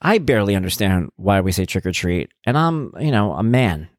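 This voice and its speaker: Animated storytelling man with a low voice. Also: moderate pace, no room sound, clean studio sound. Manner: animated storytelling, gets worked up, acts out quotes. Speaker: podcast host, parent of an autistic son. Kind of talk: casual podcast monologue.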